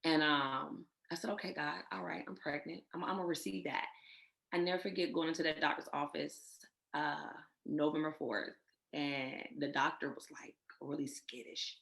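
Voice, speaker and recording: Low-pitched woman guest, heartfelt personal storytelling, emotional and faith-driven. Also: steady tone, normal speed, creaky, a bit bright. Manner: emotional, faith-filled, retells others' words. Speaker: guest sharing her infertility story.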